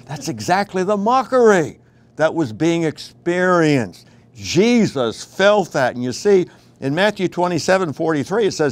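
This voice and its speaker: Man, radio devotional sermon, earnest, conversational, mid pitch, emphatic pleading in quotes. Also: very animated, moderate pace. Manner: frequent fillers and restarts. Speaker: radio preacher.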